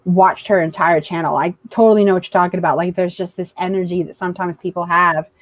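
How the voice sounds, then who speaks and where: A woman's voice: on the low side, fairly even intonation, fast talker. A woman raised in the American South, chatting casually and animatedly on a group video call. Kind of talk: casual group chat on a livestream.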